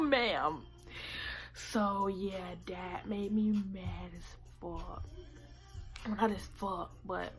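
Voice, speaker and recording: A woman's voice: mid-range voice, takes it slowly, faint music behind. Teen girl ranting through a storytime vlog, lots of cussing, plays out the convo herself. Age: late teens. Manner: profane, animated storytelling with quoted asides. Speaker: vlogger. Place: indoor room by natural light.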